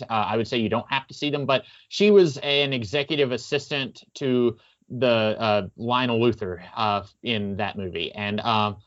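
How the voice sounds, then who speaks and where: A man chats casually on a podcast, pitched in the middle, with a steady stream of ums and uhs. His audio sounds a little muffled and lo-fi. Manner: chatty, many fillers, quotes lines in character. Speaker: podcast co-host. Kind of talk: casual film discussion.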